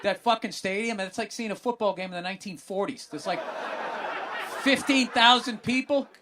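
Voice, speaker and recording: A man hosting a podcast, swearing constantly and bursting into excited yelling during a comedic rant about sports. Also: high-pitched, normal speed, background noise. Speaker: podcast host.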